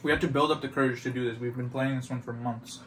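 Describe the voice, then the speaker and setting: A young man from Toronto, co-hosting a casual mukbang, teasing and excitable, often talking while chewing. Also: medium pitch, fast talker, slight background noise. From Toronto, Canada. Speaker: co-host. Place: indoors, sitting on the floor.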